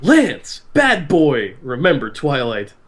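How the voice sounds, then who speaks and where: Animated man reading a story aloud. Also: mid-range voice, slow. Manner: expressive, with frequent laughter and outbursts. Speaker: podcast host reading a fan story. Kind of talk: comedic reading aloud with banter.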